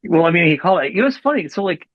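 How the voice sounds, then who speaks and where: A man's voice: high voice, very animated, no echo, muffled recording. A male podcast host talking enthusiastically and rambling through restarts while praising his guest's music. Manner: rapid, rambling, enthusiastic fan talk with many restarts. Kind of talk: casual interview.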